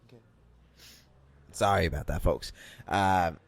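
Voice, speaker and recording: A man hosting an improvised comedy podcast, hesitant and halting, with many fillers. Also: low voice, vocal fry, dry recording. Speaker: podcast host.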